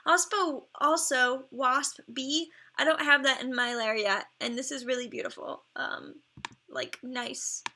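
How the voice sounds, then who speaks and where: A woman's voice: high voice, steady tone, measured pace, bright, forceful tone. A woman streamer in casual live-stream commentary, chatty and effusive, gushing praise and laughing often between remarks.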